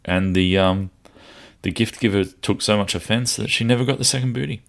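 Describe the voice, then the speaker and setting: Deep-voiced man hosting a casual chat. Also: a little fast, creaky. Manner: chatty, laughs often, storytelling. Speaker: podcast host.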